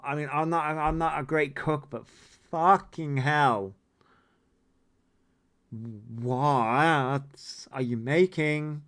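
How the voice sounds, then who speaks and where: A man's voice: medium pitch, takes it slowly, fairly bright tone, clean tone. A man in his forties hosting a casual livestream, reading viewer comments and ranting in a sweary, incredulous, rambling way. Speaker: livestream host.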